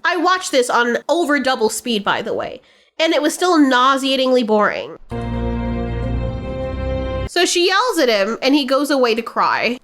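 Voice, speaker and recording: A woman's voice: on the high side, a bit bright. A young woman giving casual, blunt, profane and sarcastic commentary as a reaction vlogger.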